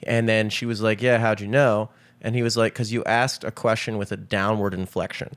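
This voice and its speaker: A man's voice: on the low side, brisk. A man from Maryland co-hosting a podcast, telling stories in casual chat and dropping "dude" and "like" often. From Maryland, USA. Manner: animated storyteller, says "dude" and "like" often. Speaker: podcast co-host.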